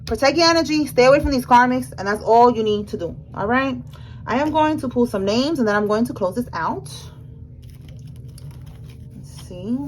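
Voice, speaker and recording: A woman's voice: a little high, lively intonation, moderate pace, pauses often, slight background noise, low-quality recording. A woman giving a general tarot reading in a casual, emphatic way, talking straight to the viewer with slangy speech. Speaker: tarot reader.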